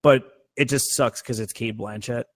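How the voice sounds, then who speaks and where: A man's voice: mid-range voice, fairly even intonation, normal speed, no echo. Rambling, swearing male podcast co-host. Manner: rambling, filler-heavy, swears freely. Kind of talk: casual movie chat.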